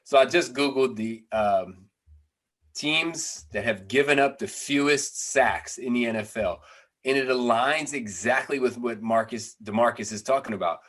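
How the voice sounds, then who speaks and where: Brief: male ex-player co-host, analytical, emphatic, slightly husky. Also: mid-range voice, normal speed, fairly bright tone. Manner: analytical, emphatic, trailing restarts. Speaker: former pro football player, co-host. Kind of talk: casual sports podcast chat.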